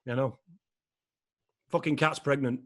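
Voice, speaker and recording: A man co-hosting a podcast, telling stories in casual chat, animated and laughing, swearing freely. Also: mid-range voice, unhurried. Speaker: podcast co-host.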